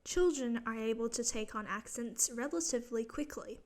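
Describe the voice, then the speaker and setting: A woman from Singapore with an Australian accent gives a scripted educational narration. She explains in a clear, measured way. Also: fairly high pitch, a little mellow. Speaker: teacher. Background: faint background music.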